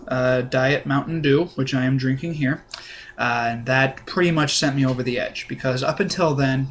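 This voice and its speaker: A young man talking to camera in a deadpan, rambling way, full of ums and mock-sincere asides. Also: mid-range voice, slight background noise. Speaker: comedic vlogger.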